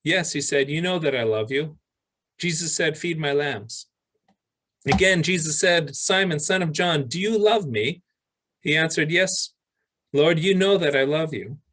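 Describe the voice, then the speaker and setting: A male pastor preaching a sermon, reading scripture aloud with pauses and restarts. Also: sits high, a bit bright, poor audio.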